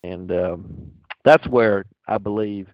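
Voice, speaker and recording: Low-voiced man musing on faith. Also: slow pace, dry recording, lo-fi sound. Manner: reflective, rambling, lots of fillers. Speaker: community call participant. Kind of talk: casual spiritual talk on a group call.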